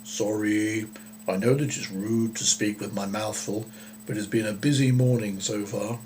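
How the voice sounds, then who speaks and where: A man's voice: on the low side, fairly even intonation, moderate pace, darkish tone, slight background noise, close to an everyday voice. A man voicing a chatty, kindly female talking cow in a storybook reading, friendly and a little rambling. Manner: friendly, rambling, talks with mouth full. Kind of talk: storybook character voice.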